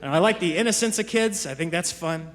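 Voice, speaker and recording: A man's voice: sits high, animated, a little fast. A man doing stand-up comedy, teasing the crowd in a conversational way, on stage. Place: live comedy venue. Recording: live stage with hall reverb and audience noise.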